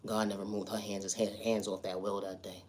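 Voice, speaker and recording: A man delivering an earnest spiritual motivational monologue, repeating affirmations and now and then breaking into loud, high shouted refrains. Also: level tone, brisk. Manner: repetitive affirmations, earnest and emphatic. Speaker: spiritual vlogger.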